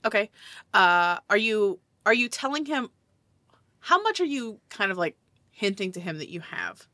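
A woman game master describes the scene in a loose, rambling way, full of restarts. Her voice sits at a middle pitch and sounds dry and close. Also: sing-song, moderate pace, bright, forceful tone, dry recording. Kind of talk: narrating a tabletop game.

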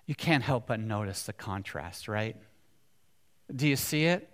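A male preacher giving a conversational sermon, often asking the congregation questions and dropping from loud passages to hushed ones. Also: lowish voice, expressive, measured pace.

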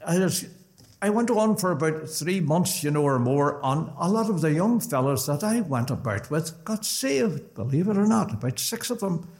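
A Northern Irish man gives his personal testimony in a gospel hall. His slightly high voice swings up and down animatedly. He speaks in a warm, conversational storytelling manner. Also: normal speed. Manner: conversational storytelling with lively rises. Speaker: preacher giving his testimony.

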